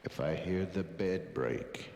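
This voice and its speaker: A man acts out a stern father growling slow warnings at his boys. The voice sits very low and drags each word out. It comes off a hissy old vinyl record with a long, roomy echo. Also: a little mellow. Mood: menacing. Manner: slow, menacing, drawn-out warnings. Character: stern gruff father threatening his sons.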